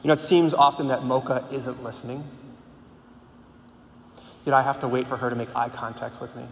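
A man preaches in a loose, conversational way, full of rhetorical questions and restarts. His mid-pitched voice rings out in a large hall with a long echo. Faint background noise sits under it. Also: fairly even intonation, brisk. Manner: conversational, frequent "like", repeats words, rhetorical questions. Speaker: speaker at a Catholic gathering. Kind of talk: informal sermon.

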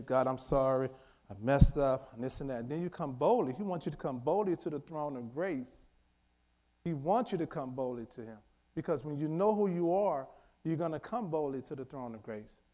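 Emphatic preacher man, fairly high voice. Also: expressive, brisk. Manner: emphatic, repetitive, swings between loud declarations and quiet asides. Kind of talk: sermon.

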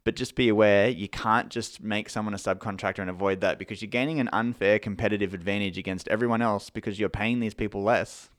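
A man with an Australian accent co-hosting a podcast, explaining things in a relaxed, casual way with frequent fillers. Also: on the low side, quick pace, hardly any pauses. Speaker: podcast co-host.

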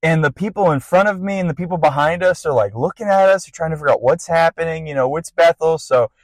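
Animated young man telling a story. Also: a little high, fast talker, dry recording. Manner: animated, laughing storyteller with many fillers. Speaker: podcast guest sharing a testimony. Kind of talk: casual storytelling.

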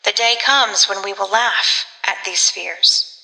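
Woman doing a solemn old servant lady, hushed and grave, bright tone in a big echoey room. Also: mid-range voice, slow pace, vocal fry, exaggerated voice. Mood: anxious. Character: steady elderly woman servant, solemn and uneasy.

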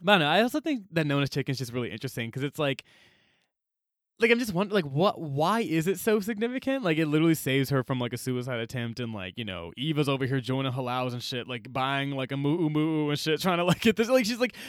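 A man's voice: a little high, animated, fast talker, no room sound, clean studio sound. A man co-hosting a casual book podcast, retelling scenes animatedly and acting out the characters' lines, with lots of "like". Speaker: podcast co-host.

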